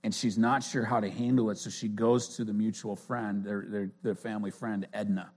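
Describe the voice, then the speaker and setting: A man's voice: fairly low pitch, flat delivery, moderate pace, a little mellow. A man giving an informal sermon in an earnest, conversational way, often restarting his sentences. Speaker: preacher.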